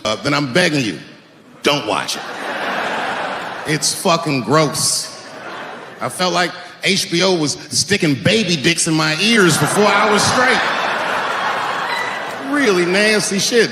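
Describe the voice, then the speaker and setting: Animated, profane male stand-up comic. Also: high voice, long reverb tail, background noise. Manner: animated, profane storytelling that swings into shouted rants. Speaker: stand-up comedian. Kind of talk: live stand-up comedy. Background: audience laughter.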